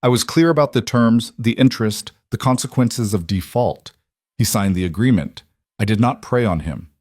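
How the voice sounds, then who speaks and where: A man's voice: on the low side, dry recording, studio quality, natural voice. Man playing a cold Italian crime boss. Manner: deliberate, quietly menacing.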